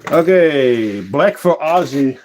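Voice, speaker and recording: Slow-talking man on a casual livestream. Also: fairly high pitch, expressive, darkish tone, a little hiss or hum. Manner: chatty and unhurried, with fillers and self-corrections. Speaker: ant-keeping channel host and shop owner. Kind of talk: casual livestream chat, answering viewer comments.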